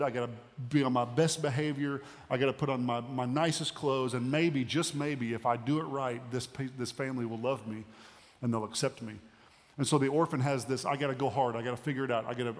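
A man giving a sermon as a pastor, conversational with pauses and emphatic rises. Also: mid-range voice. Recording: long hall reverb.

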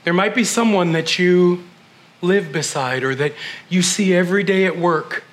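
A man preaching a sermon as pastor, animated, acting out quoted voices and dropping to a hush. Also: high voice, moderate pace.

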